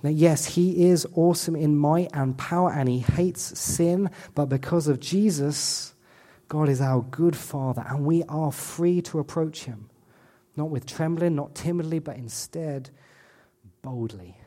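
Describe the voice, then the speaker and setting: A male pastor delivers a sermon in church, earnest and direct, breaking into playful asides. His voice sits a little high for a man yet sounds mellow and warm. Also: a little slow.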